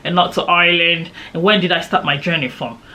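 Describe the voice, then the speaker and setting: A man's voice: on the high side, steady tone, a little fast, sharp tone. A woman retelling the curt, persistent questions of a male airport immigration officer in her own voice. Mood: questioning.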